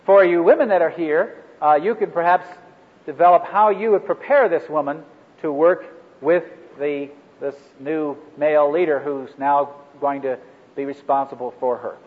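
Man teaching in an echoey hall. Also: a little high. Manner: halting, many fillers and restarts. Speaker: ministry training instructor. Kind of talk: workshop teaching to a live group. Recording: echoey hall over a phone-like line.

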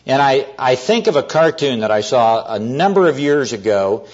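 A man preaching an evening sermon to a congregation, earnest and storytelling, often slowing down to stress key words. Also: mid-range voice, very animated, a little mellow. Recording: dull lo-fi sermon recording.

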